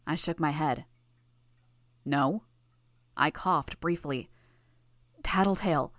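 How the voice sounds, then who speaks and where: Female narrator, lower register, dry studio sound, measured tense read. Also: fairly bright tone, no room sound. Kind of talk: scripted first-person fiction narration.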